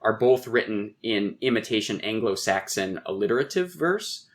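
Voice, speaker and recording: Here the poet-philosopher's voice sits fairly low, with a sing-song lilt and a moderate pace. Thoughtful and professorial, he explains poetic meter in a conversational lecture, frequently starting over.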